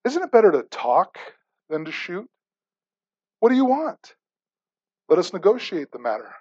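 A man voicing a sly talking bear in a soft, soothing voice, read from a story in a sermon. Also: high voice, expressive, moderate pace, muffled recording, voice pushed up.

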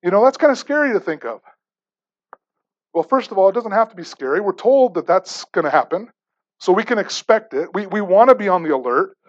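A man's voice: high voice, lively intonation, brisk, muffled recording. A man preaching a sermon as pastor, repeating rhetorical questions and restarting words with stammers.

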